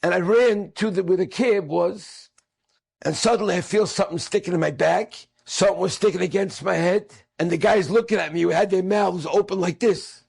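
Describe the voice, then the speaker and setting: Man, middle-aged, storytelling, husky, animated, acts out quoted speakers. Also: high-pitched, normal speed. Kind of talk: storytelling talk.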